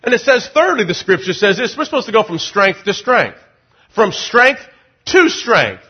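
A middle-aged male pastor preaching a sermon, animated, moving between quiet conversational asides and loud, rising declarations. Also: high voice, a little fast, muffled recording, slight background noise.

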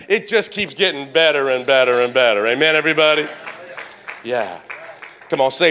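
A man in his sixties preaching a sermon, mixing comic storytelling with animated calls to the congregation. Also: medium pitch, normal speed, pauses often. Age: 60s. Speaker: pastor.

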